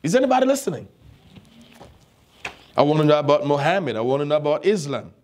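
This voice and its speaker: Racing through his sermon, a pastor who isn't a native English speaker hammers home repeated phrases and keeps asking whether his listeners are paying attention. His voice is a little high and a little mellow.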